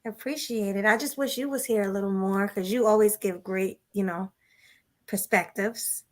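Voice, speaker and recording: A woman co-hosting a casual livestream podcast, chatting in a relaxed way and thanking her viewers. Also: mid-range voice, normal speed. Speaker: podcast co-host.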